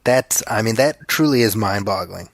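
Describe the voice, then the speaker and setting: A man's voice: fairly low pitch, moderate pace, gravelly, no room sound. A man co-hosting a casual movie commentary podcast, easygoing, padding his points with fillers and slipping in wry jokes. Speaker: podcast co-host.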